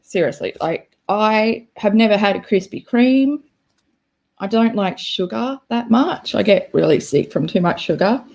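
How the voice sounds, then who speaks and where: Slow-talking Australian woman chatting. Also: mid-range voice, lively intonation, vocal fry, a little mellow. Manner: chatty and self-deprecating, reacting to chat. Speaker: livestream host. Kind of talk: casual livestream chat.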